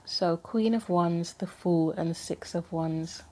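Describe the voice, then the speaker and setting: A woman giving a casual tarot reading to camera, thinking aloud with frequent pauses, earnest and gently sympathetic. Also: on the low side. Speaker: tarot reader.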